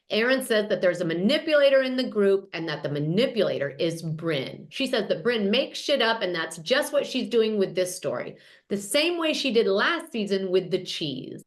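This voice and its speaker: Woman podcast host, mid-pitch, casual gossipy recap delivery. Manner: chatty, gossipy storytelling, quotes people in passing.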